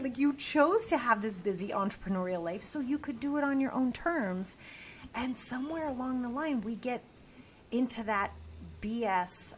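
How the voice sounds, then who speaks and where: A woman talking as a podcast guest, emphatic and animated, swearing freely. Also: fairly high pitch, moderate pace, a little hiss or hum. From United States. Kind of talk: casual podcast conversation.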